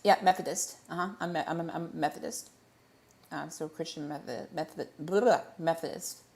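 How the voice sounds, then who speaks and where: A man's voice: a little high, steady tone, normal speed, gravelly, a little mellow. A man chats casually on a livestream Q&A, speaking into a desk microphone. He rambles in a playful, good-humored way, often stumbling and restarting his sentences. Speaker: livestream host.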